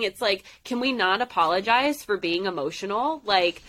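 A woman's voice: medium pitch, lively intonation, brisk, hardly any pauses, pushed and bright, a little hiss or hum. A woman co-hosting a podcast in casual chat, giving emphatic, opinionated takes on a reality dating show. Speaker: podcast co-host.

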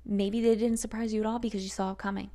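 A woman's voice: mid-range voice, flat delivery, fast, dark tone. A woman hosting a solo podcast, talking heatedly and sarcastically and swearing freely. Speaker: podcast host.

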